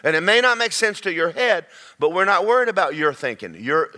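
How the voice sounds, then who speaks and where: A man preaches to his congregation. His voice is bright and a little high, and he talks in a loose, chatty way. He tells stories and hammers points home by repeating them. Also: very animated, a little fast. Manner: conversational preaching with storytelling and repetition. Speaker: pastor. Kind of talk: sermon.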